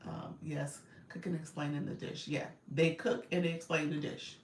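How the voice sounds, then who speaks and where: A chatty, direct woman in her forties coaches her viewers live, with a gravelly edge that shows up often in her speech. She sits inside a car, and the cabin gives her voice a roomy echo. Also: sits low, little pitch movement, normal speed, slight background noise. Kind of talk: casual livestream coaching.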